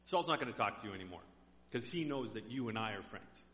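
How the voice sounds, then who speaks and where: A man voicing a fearful young David in a low, subdued tone. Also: expressive, fast, fairly bright tone. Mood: worried. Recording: dull echoey hall.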